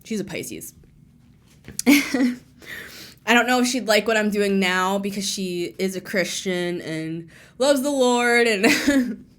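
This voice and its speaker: A woman's voice: medium pitch, slow, a bit bright. A young woman hosting a tarot channel, talking casually and rambling, correcting herself and laughing between thoughts. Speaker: tarot reader and channel host. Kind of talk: casual spiritual talk to camera.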